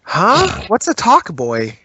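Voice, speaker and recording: A man's voice: a little high, sing-song, unhurried, vocal fry, a bit bright, slight background noise. A man co-hosting a podcast, answering with brief, bemused reactions and questions. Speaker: podcast co-host. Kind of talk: casual podcast chat. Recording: dry, slightly muffled podcast audio.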